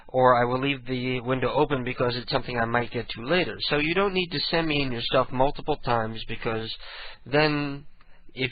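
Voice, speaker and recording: A man hosting a casual late-night web radio show, rambling and joking at his own expense. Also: mid-range voice. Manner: rambling, joking, self-mocking. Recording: tinny lo-fi stream with faint music.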